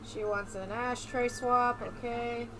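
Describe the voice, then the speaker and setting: A young woman giving casual, sarcastic gameplay commentary, excitable and swearing freely. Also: fairly high pitch, slow pace, background noise. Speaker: let's play streamer.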